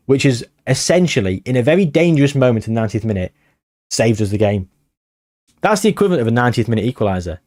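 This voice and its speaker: A man giving excited, swearing commentary on a football management game he is playing. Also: medium pitch. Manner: animated, swearing, shouting at the match. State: out of breath. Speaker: gaming streamer.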